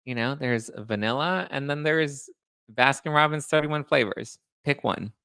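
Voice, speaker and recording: A man hosting a live stream and recapping reality TV in a fast, chatty, sassy way, throwing shade. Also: mid-range voice, vocal fry, sharp tone, smooth, dry recording, studio quality. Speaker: podcast host recapping reality TV.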